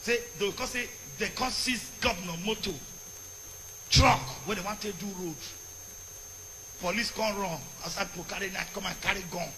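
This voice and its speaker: Fiery Nigerian man preaching in shouts. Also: high-pitched, fairly even intonation, moderate pace, long reverb tail, a little hiss or hum. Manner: fiery, often shouting, switching into pidgin. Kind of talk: impassioned sermon rant.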